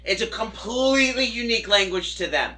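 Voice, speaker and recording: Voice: mid-range voice, expressive, a little fast, pushed and bright. A podcast co-host arguing stubbornly for absurd claims and ranting with frequent swearing. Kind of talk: comedic argument.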